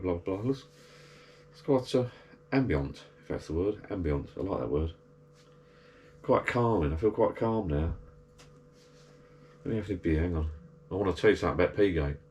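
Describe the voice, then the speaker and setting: A man chatting casually to an action camera in his garden shed bar, rambling and grumbling. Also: sits low. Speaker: vlogger.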